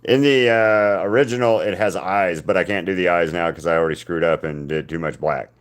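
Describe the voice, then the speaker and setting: A man casually chatting to live-stream viewers while he paints, rambling and self-deprecating, talking to his chat between pauses. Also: sits low, smooth.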